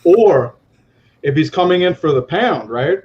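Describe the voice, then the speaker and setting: A male guest in a casual chat, animated and demonstrative, swearing often as he acts out what he means. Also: fairly high pitch, measured pace. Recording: dull lo-fi with faint noise.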